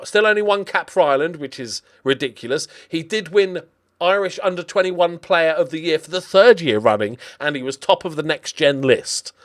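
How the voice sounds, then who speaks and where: Chatty man commenting on a game. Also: mid-range voice. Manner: chatty and animated, with lots of fillers. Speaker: gaming commentator. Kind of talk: casual video game commentary.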